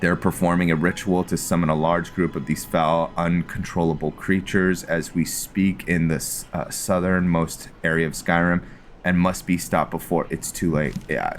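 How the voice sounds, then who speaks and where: A low-voiced man hosts a let's play video, offering relaxed, casual commentary on the gameplay and thinking aloud with filler words.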